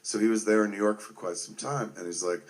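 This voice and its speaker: A man's voice: lowish voice, fast, darkish tone. A man in his forties, a filmmaker, giving a casual spoken tribute to a friend, swearing constantly and rambling with lots of "like" and "man". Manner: profane, rambling, heartfelt, heavy on fillers like "like" and "man".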